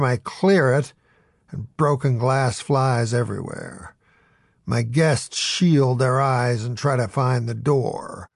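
A man reads a first-person audiobook story in a wry, storytelling way. His delivery is slow and gravelly. The recording is close and very dry. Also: medium pitch, dry recording. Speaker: narrator.

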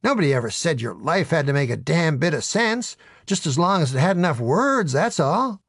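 Guy reading his memoir audiobook, deadpan and wry, kinda high voice, bone dry sound. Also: normal speed, slightly rough, dry recording. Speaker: audiobook narrator.

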